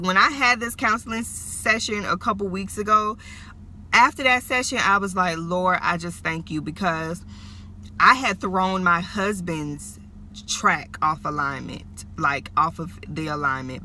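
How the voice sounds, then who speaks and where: A woman's voice: mid-range voice, pushed and bright, slight background noise. A woman in her thirties giving an earnest, emotional faith talk, speaking straight to her viewers. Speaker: vlogger. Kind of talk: faith-based personal talk to camera.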